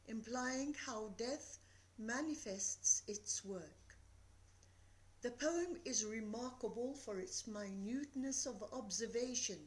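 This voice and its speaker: A woman giving a recorded literature lecture, reading verse slowly and deliberately and explaining it. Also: a little high, low-quality recording.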